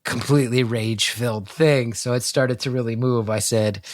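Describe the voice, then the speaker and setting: A man's voice: medium pitch, normal speed, few pauses, no room sound, studio quality. A man telling a story on a podcast over a video call, acting out the people in it and swearing freely. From North Jersey. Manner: animated storyteller, acts out quotes, swears freely. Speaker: guest co-host.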